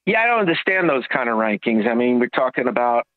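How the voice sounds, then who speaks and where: A man calling in as a football analyst and giving a measured breakdown. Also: medium pitch, sing-song, no room sound. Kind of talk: sports talk radio. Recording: tinny phone line.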